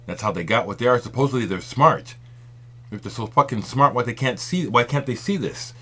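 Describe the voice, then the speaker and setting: A man's voice: medium pitch, lively intonation, fairly quick, bright, forceful tone. A man speaking in an impassioned, rambling monologue to his video audience. He repeats his points and swears for emphasis. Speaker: vinyl community video maker.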